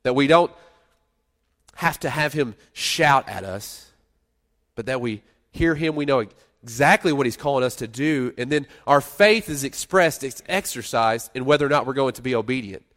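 A middle-aged man preaching a sermon in a conversational way, rising to loud emphasis and dropping to quiet asides. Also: medium pitch, animated, moderate pace. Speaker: pastor.

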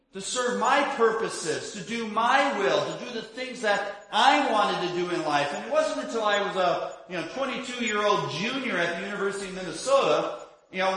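A pastor delivering a sermon, telling a story with a sing-song lilt and driving points home with repeated questions. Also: male voice, sits high, sharp tone. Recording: very echoey room.

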